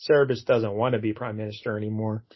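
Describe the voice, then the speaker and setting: A man co-hosting a casual comic book review podcast, talking in a relaxed, rambling way and acting out lines from the pages. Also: fairly low pitch, fast talker. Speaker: podcast co-host. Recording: dull lo-fi podcast audio.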